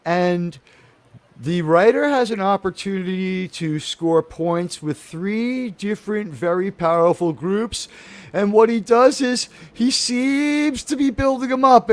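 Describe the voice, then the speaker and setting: A high-pitched male host chatting animatedly in a casual, comedic way. He rambles and restarts sentences often. His voice sounds close and dry. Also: no echo. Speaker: talk show host.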